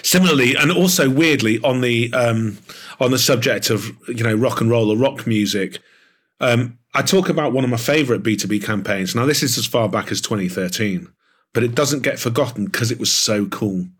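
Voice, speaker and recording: A man being interviewed as an author, talking in an animated, enthusiastic way with plenty of fillers. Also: medium pitch, moderate pace, breathy edge. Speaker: author and guest. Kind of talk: podcast interview.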